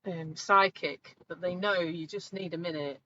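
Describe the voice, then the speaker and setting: Brief: woman in her forties, chatty live-talk host, bright tone, slightly dull audio with faint noise. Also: lowish voice, moderate pace. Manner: chatty, animated storytelling, acts out voices. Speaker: coach hosting a live talk. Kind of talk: live online talk answering viewers.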